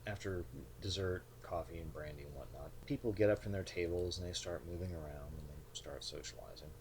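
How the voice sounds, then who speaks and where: Deep-voiced male game master. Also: steady tone, brisk, darkish tone, slight background noise. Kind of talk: narrating a tabletop game.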